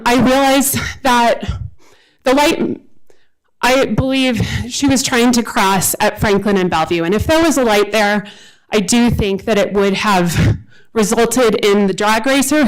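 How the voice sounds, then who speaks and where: Woman, forties, resident public comment, halting, earnest, podium microphone. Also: a little high, rough recording. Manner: earnest, halting, with many restarts and fillers. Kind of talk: unprepared public comment at a council meeting. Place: council chamber, speaking at a podium.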